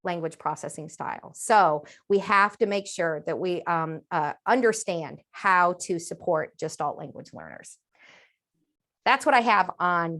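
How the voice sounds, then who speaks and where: A woman in her fifties, a speech-language pathologist, talking as a guest on an interview podcast and lively acting out children's phrases. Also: mid-range voice. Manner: animated, acts out children's phrases in a sing-song voice.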